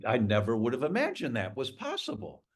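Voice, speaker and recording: Male podcast guest, middle-aged doctor, emphatic storyteller with a lively, swinging pitch. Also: fast talker. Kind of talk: podcast interview.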